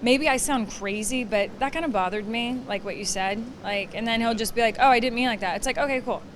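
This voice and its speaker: A woman in her thirties chatting as an interview guest outdoors, telling stories and acting out quotes with lively energy. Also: fairly high pitch, quick pace, slight background noise. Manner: chatty, animated storyteller who acts out quotes. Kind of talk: casual chat.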